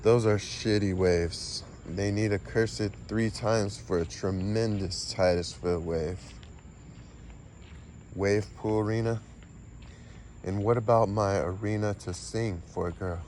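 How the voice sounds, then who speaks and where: A man's voice: fairly low pitch, fairly even intonation, unhurried, a little mellow, a little hiss or hum. A man rambling through a casual, half-improvised monologue, drifting from one fanciful idea to the next and swearing mildly now and then. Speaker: vlogger.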